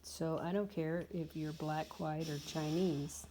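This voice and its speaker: A woman in her fifties with a low, deep-set voice talks in a loose, chatty way, blunt and a little exasperated. A faint hiss sits under her talk. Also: fairly even intonation, slow, warm tone. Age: 50s. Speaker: dog breeder. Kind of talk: casual vlog chat. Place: dog kennel.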